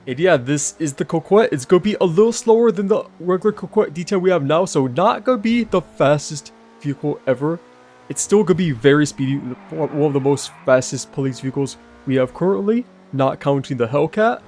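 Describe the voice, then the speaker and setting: A man's voice: fairly high pitch, a little mellow. A man giving casual gameplay commentary over footage as a gaming YouTuber, talking straight to his viewers in a chatty way.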